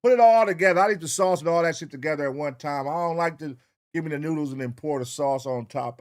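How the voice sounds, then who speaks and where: A man hosting a casual livestream reaction show, talking with profanity and calling out viewer names in an animated roll call. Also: a little high, fast. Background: hip hop music.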